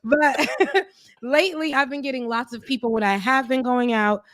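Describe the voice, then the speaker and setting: A woman's voice: sits high, moderate pace, a bit bright, no echo, clean studio sound. A woman co-host telling stories in casual chat, with laughs and quoted voices. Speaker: show co-host.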